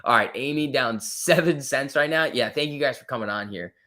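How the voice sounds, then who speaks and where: A man's voice: mid-range voice, a little fast, pushed and bright. A man hosting a casual live stream, reading viewer comments aloud and answering them with a joking, lightly teasing manner. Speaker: livestream host.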